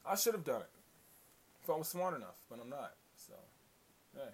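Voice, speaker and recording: A man's voice: medium pitch, sing-song, normal speed, slightly rough. A man hosting a casual solo commentary show, profane, rambling and opinionated. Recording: faint hiss.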